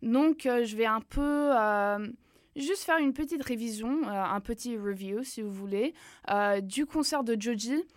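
A woman hosts a casual radio show, drifting between English and French and leaning on filler sounds as she chats. Her voice sits a bit high and comes through smooth and resonant. The studio sound is dry and close. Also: moderate pace, no echo. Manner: switches between English and French mid-sentence; chatty, with frequent filler sounds. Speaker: radio host.

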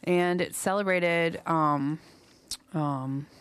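A woman's voice: fairly low pitch, very slow, clear, resonant tone, no room sound. A young woman working as a campus radio DJ, chatting casually between songs, rambling and correcting herself, slightly out of breath. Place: small radio studio. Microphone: studio microphone.

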